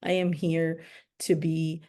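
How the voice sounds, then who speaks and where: A woman's voice: sits low, level tone, takes it slowly, warm tone. A young adult woman hosting a podcast, speaking earnestly in casual conversation and repeating herself for emphasis. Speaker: podcast host.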